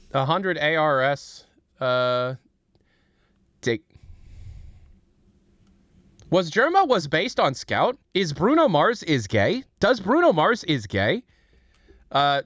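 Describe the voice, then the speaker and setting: A man's voice: on the high side, fairly bright tone, no echo. American man rambling on a live stream. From United States. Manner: rambling, jokey, reads donations aloud. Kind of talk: casual live-stream chat, reading chat. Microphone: desk mic.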